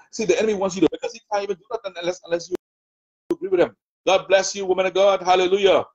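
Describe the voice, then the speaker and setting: High-pitched Bahamian preacher, mocking and fervent. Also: male voice, vocal fry, darkish tone, lo-fi sound. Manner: taunting, mocking the devil's voice in rapid repetitive jabs. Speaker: prophet preaching. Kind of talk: sermon.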